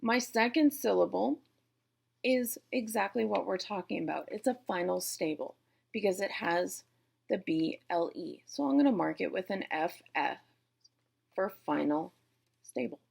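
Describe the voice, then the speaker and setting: Explaining syllable types step by step, a Boston-born teacher with a Boston accent speaks in an expressive, medium-pitched voice that's a little slow. Her tone is darkish and creaky with a breathy edge, and she addresses viewers in a playful way.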